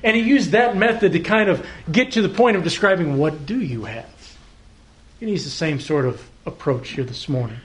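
Man preaching with a higher voice. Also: expressive, moderate pace, a little hiss or hum. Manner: conversational preaching with rhetorical questions and acted-out dialogue. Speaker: pastor. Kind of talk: sermon.

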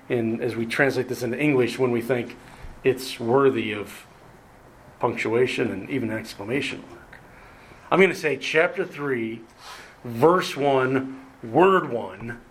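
A man preaching a sermon, emphatic and deliberate, leaning hard on key words and pausing for effect. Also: mid-range voice, a bit bright, a little hiss or hum. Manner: emphatic, repeats words for emphasis, slow deliberate delivery with dramatic pauses. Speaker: pastor.

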